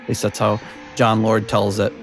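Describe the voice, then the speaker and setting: A man's voice: lowish voice, monotone, normal speed, over music. A man hosting a podcast in casual chat over a video call, rambling with lots of fillers and frequent laughs. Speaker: podcast host.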